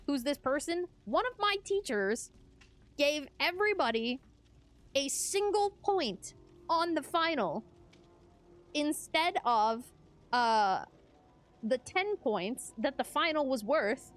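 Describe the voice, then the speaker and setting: A woman's voice: sits high, lively intonation, slow pace, pauses often, fairly bright tone, faint music behind. A young adult woman streamer chatting casually with her chat while gaming, laughing often.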